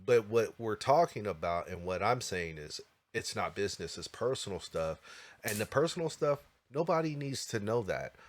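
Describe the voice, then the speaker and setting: A man's voice: fairly low pitch, expressive. A man co-hosting a podcast in casual chat, emphatic and repetitive, sometimes drawing out his words. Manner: emphatic, repeats himself, drawn-out phrasing. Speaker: podcast co-host.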